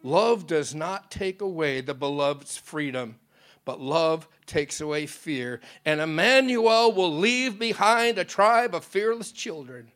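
God the Father, a commanding male deity, speaks in slow, resounding declarations. A preacher acts him out in a dramatic sermon story, and the voice sits a little high for a man. The delivery is solemn and loving, never harsh. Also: expressive, fairly bright tone.

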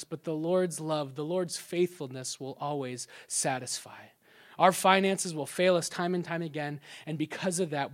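A young adult man preaching a sermon, telling animated stories and dropping to a soft hush when he quotes someone. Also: on the high side. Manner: animated storytelling, drops to soft hushed tones for quotes. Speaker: pastor.

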